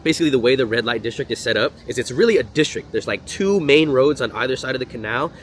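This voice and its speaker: A young man telling a storytime vlog in an animated, slangy and profane way. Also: medium pitch, fast talker, slight background noise. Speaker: vlogger.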